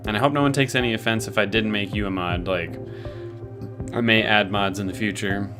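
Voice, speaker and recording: A man's voice: lowish voice, steady tone, brisk, music in the background. A man streaming from home, casually chatting with his viewers in a laid-back way and swearing now and then. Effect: robotic voice filter. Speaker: streamer reading chat. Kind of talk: casual live-stream chat.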